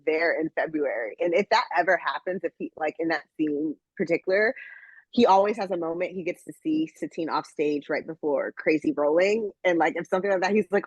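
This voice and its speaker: A woman with a husky voice chats on a podcast over a dull, lo-fi, dry recording. She gushes and laughs, and acts out quotes in high squeals. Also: a little fast, no echo. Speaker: podcast co-host. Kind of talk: casual chat.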